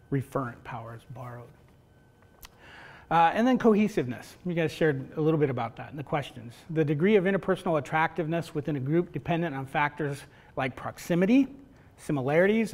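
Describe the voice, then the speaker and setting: A middle-aged man lecturing a class in a conversational way, often asking "right?" and acting out family stories. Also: on the high side. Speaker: university professor teaching facilitators.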